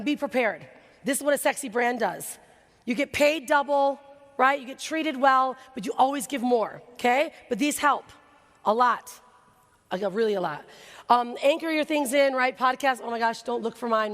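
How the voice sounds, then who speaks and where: Female keynote speaker, excitable and chatty, gravelly voice, echoing conference hall. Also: sits high. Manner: excitable, laughs often, rapid asides. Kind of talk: energetic stage talk. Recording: reverberant hall recording.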